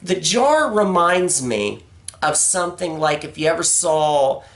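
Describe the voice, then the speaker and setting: A woman giving a casual, rambling film review, swearing freely and filling pauses with "uh" and "like.". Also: deep voice, animated. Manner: rambling, profane, frequent fillers.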